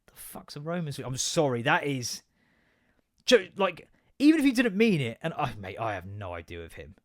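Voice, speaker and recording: A man's voice: on the high side, huge pitch swings, fairly quick. A man hosting a podcast, ranting in casual chat, sweary, sarcastic and exasperated. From England. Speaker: podcast host.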